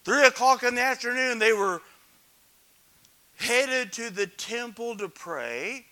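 High, bright-voiced dramatic preacher man. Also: lively intonation, slow pace. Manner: dramatic, swings from loud calls to hushed near-whispers; asks the congregation questions. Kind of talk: sermon.

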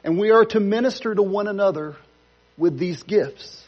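A man's voice: high voice, normal speed, highs cut off. A man pastor preaching a sermon in a church, conversational with playful asides. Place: church sanctuary.

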